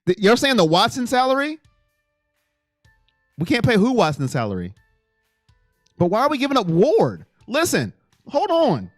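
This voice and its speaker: A man hosting a casual sports live stream and reading out fan comments, animated, swinging between low mutters and loud exclamations. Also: normal speed, long pauses, dry recording, clean studio sound, soft background music.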